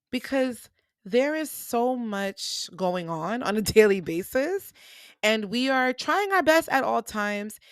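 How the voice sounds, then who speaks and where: An upbeat woman hosting her own podcast, chatting casually and calling out to her listeners as "y'all" like a friend giving a pep talk. Her voice sits at an ordinary middle pitch. The recording is dry and close, with no room sound. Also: dry recording. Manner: animated, speaks straight to listeners as "y'all" with pep-talk energy. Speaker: podcast host.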